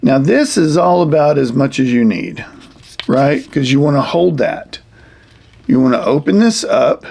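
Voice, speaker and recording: A man's voice: a little high, expressive, a little slow, vocal fry, a little mellow, slightly rough. A man teaching wilderness survival to kids, explaining in a rambling, folksy way with lots of fillers. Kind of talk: casual how-to demonstration for kids.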